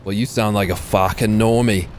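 A man's voice: on the low side, steady tone, moderate pace, a little hiss or hum. Swearing, joking young male game streamer. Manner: jokey, swears a lot, thinks aloud mid-fight. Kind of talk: live gameplay commentary.

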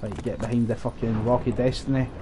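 A man's voice: medium pitch, level tone, fast, background noise. A young Scottish man giving live, rowdy, swear-filled commentary on his game stream. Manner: sweary, rowdy banter with the chat. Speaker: gaming streamer.

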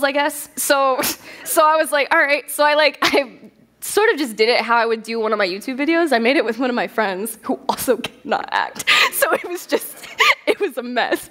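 A woman's voice: high-pitched, a bit bright. Candid, profane young woman speaker. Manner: candid, profane, laughs often. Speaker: festival speaker. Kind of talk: casual stage talk, storytelling. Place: stage at a festival hall.

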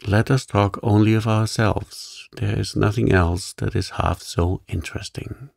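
A man voicing a charming, playful young gentleman artist in a sleep-story reading, teasing and light. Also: fairly low pitch, fairly even intonation, unhurried, gravelly, no room sound, studio quality, full character voice.

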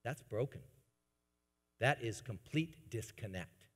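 A man preaching a sermon to his congregation, swinging between soft, low asides and loud, emphatic bursts. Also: lively intonation, slow. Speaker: pastor. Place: church sanctuary. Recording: long church reverb.

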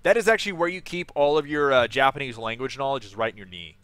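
A man's voice: medium pitch, animated, fast talker, fairly bright tone, clean tone, no echo. A young man chatting casually on a live game stream, laughing often and reading viewers' messages aloud.

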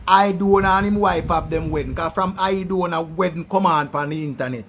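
A man with a Jamaican accent ranting loudly in a commentary, throwing insults in patois. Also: a little high, moderate pace, vocal fry, slight background noise. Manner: loud, insulting rant in patois. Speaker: online commentator.

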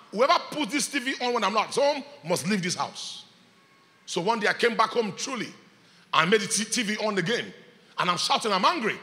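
A man preaching a sermon, his voice high and bright with a forceful edge. He swings from loud shouts to hushed asides with a very lively pitch. The sound carries a long hall reverb. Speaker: pastor. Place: church hall.

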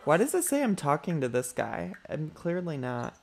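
A man's voice: fairly high pitch, sing-song, normal speed, creaky, soft background music. A man giving chatty let's play commentary, calling his viewers y'all and talking back to his character with sass. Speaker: gaming YouTuber.

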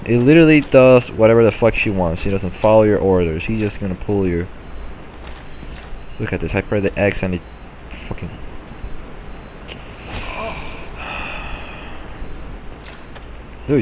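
A man's voice: on the low side, a little hiss or hum. A man commenting on his own gameplay, frustrated and swearing, muttering to himself.

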